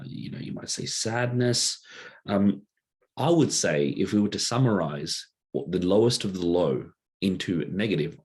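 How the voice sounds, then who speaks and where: A man's voice: deep voice, a little mellow, slightly rough. A man giving a casual teaching talk as a workshop presenter, loose and conversational, with many rhetorical checks, drawing a diagram as he explains.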